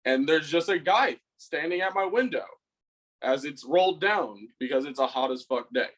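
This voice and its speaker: A man's voice: on the high side, animated, moderate pace, fairly bright tone, low-quality recording. A young man on a podcast telling a rambling, swear-filled story about a fight, acting out what he said. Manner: rambling, swears a lot, acts out his own lines. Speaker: podcast co-host. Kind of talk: casual storytelling.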